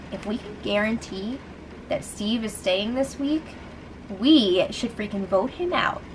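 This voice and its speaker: A young woman casually recapping a reality show, gossipy and animated, acting out what people said. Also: fairly high pitch, a little hiss or hum, low-quality recording. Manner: gossipy, animated, retells quotes.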